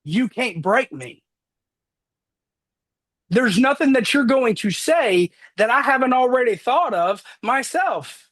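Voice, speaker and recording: A man giving a fervent motivational talk, slowing down and rising for emphasis. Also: very high-pitched, lively intonation. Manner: fervent, preacher-like, swings loud and slow for emphasis. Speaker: top-producing insurance agent, guest.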